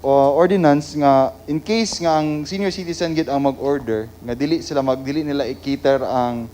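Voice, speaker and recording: Filipino male councilor, measured and formal, mellow low-bright tone. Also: a little hiss or hum. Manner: measured, formal, switches between English and local language. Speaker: city councilor. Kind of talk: council session remarks.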